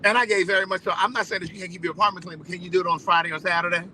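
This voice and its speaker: A man telling a story in a casual, animated, profane way, repeating phrases for emphasis. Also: high voice, rapid-fire, a little hiss or hum, poor audio. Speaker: vlogger.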